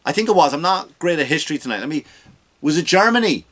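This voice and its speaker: A man's voice: fairly high pitch, lively intonation, fast, a bit bright. A man hosting a comedy podcast, ranting sarcastically about politics with profanity and rhetorical questions.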